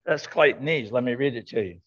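A man's voice: mid-range voice, a little fast. An older man preaching a sermon to a congregation, emphatic, repeating his key words. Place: church sanctuary. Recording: dull lo-fi sound.

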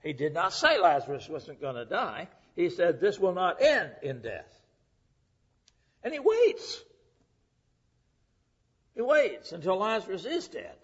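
Man preaching with wide-ranging high voice. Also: sing-song, measured pace, long pauses, breathy edge. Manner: swings from loud emphatic preaching to hushed near-whispers. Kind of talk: sermon. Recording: dull lo-fi recording.

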